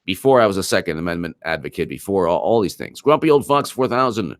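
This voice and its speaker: A man's voice: low-pitched, lively intonation, fast, dry recording, clean studio sound. A man hosting a live-stream political commentary show, talking emphatically, repeating himself and answering viewers' comments. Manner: emphatic, repeats himself, reads super chats aloud.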